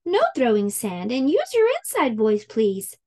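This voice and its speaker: A woman voicing a kind, patient preschool teacher with gentle, playful pirate talk. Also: fairly high pitch, wildly swooping pitch, unhurried, full character voice. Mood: gently playful.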